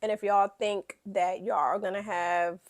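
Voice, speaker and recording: A woman hosting a reality TV recap in a casual, blunt and profane way, animated as she talks. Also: mid-range voice, unhurried.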